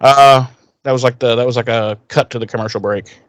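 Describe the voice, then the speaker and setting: Guy recapping an episode on a podcast, cursing, animated, dry close mic. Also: medium pitch, fairly quick, dry recording. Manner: profane, animated retelling with acted quotes. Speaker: podcast co-host. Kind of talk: casual chat recapping a TV episode.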